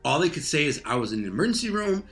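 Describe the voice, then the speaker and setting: A man's voice: a little high, big pitch swings, racing, a bit bright, soft background music. A man casually telling a personal story in loose, profane street talk, full of fillers like "man" and "like.".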